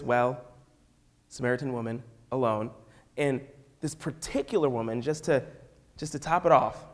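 A man's voice: mid-range voice, a little mellow. A man with a Midwestern American accent, a youth pastor preaching a sermon and telling the story with acted-out voices.

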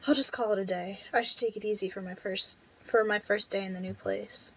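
A woman's voice: mid-range voice, fairly even intonation, brisk, a bit bright, husky, lo-fi sound. Woman reading as a young man in a new apartment. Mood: plain. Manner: plainly reading game text aloud.

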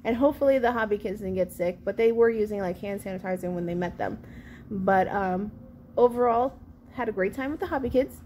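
A woman in her thirties, a vlogger telling a sassy, animated storytime about an outing with her kids. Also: medium pitch, fairly quick, a little hiss or hum. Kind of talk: storytime vlog.

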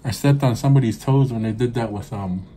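A man's voice: mid-range voice, brisk, warm tone, slight background noise. A man co-hosting a casual family food vlog, joking and playful. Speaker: vlog co-host. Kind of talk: casual chat.

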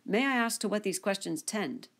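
A woman reading as a cold, grave young gentleman. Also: mid-range voice, lively intonation, normal speed. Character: proud reserved young gentleman. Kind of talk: audiobook character reading.

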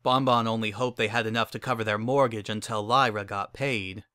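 A man narrating a story in an expressive dramatic reading. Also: lowish voice, a little fast, clean tone, no room sound, clean studio sound.

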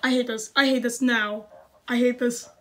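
A woman's voice: fairly high pitch, steady tone, moderate pace, background noise. A woman hosting a scary-video reaction, jumpy and stammering, with gasping exclamations. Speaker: reaction channel host. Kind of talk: scared reaction commentary.

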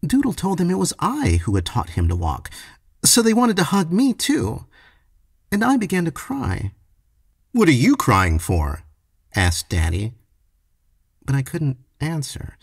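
A man giving a slow, expressive dramatic reading of a short story into a close mic. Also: fairly high pitch, vocal fry, husky, dry recording. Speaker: story reader. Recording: dry close recording.

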